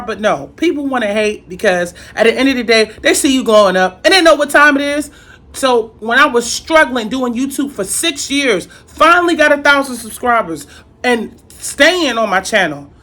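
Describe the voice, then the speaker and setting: A woman in her late thirties, a YouTuber telling a storytime vlog in an animated, repetitive, exclamatory way. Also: a little high, brisk. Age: 30s.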